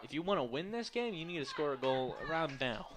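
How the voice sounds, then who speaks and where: Quick-talking tired young man calling soccer. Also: a little high, lively intonation, background noise. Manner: fast, loose play-by-play with joking asides. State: tired, yawning. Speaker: play-by-play commentator. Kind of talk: live sports commentary.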